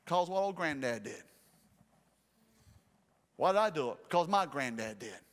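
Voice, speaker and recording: A man's voice: fairly high pitch, animated, measured pace, a bit bright, long reverb tail. A man preaching a fervent midweek sermon as pastor, calling out to his congregation. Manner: fervent, call-and-response preaching. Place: church sanctuary.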